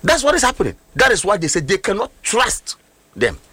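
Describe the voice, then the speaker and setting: A man's voice: high voice, huge pitch swings, brisk, sharp tone, breathy edge, no echo. A man with a Ghanaian accent arguing animatedly in a political talk show debate, emphatic and mixing in Twi phrases. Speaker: political commentator.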